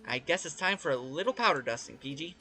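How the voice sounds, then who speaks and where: Brief: gamer voicing an eager, chatty male cop sidekick, bright animated read over soft game music. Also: medium pitch, fast. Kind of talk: reading game dialogue aloud.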